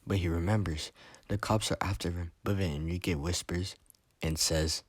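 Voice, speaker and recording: A man's voice: low voice, fairly even intonation, moderate pace, no room sound. A man reading his own short story aloud in a plain, earnest manner with occasional stumbles.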